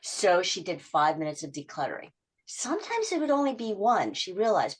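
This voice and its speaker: Animated woman coach with a lower voice. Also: brisk. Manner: animated, acts out client quotes with voice shifts. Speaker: habit coach guest. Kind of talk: podcast interview, storytelling with client examples.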